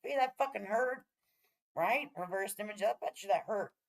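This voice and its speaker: Middle-aged lady ranting at the camera, cussing a lot, rambly, mid-pitched voice. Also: normal speed, poor audio. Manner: profane, rambling and heated; talks to viewers with repeated "all right?" check-ins. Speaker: vlogger. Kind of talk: casual rant to camera.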